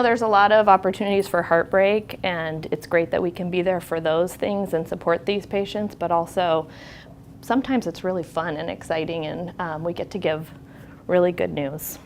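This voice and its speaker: A woman's voice: on the low side, slight background noise. A woman nurse giving a candid, conversational talk to an audience, telling stories from her clinic work in a reflective way.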